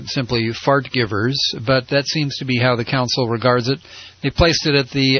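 Halting radio host guy, lots of uhs, dry muffled lo-fi sound. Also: medium pitch, no echo. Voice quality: halting, many uh fillers. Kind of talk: casual commentary. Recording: dry, dull lo-fi.

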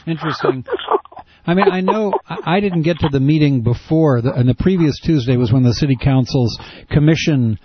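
A man's voice: fairly high pitch, a little fast. A man hosting a radio show, asking questions in a casual, probing way with many restarts. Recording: dull, lo-fi radio audio.

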